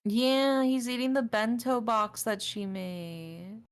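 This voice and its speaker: A woman chatting casually as a co-player on a game stream, in a relaxed, easygoing way. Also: on the high side, takes it slowly. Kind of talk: casual chat.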